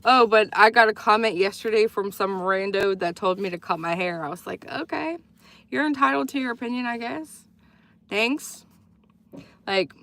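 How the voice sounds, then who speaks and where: A woman's voice: mid-range voice, bright, forceful tone, no echo. A woman hosting a casual livestream, chatting in a rambling way and laughing often as she reads viewer comments. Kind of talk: casual live chat.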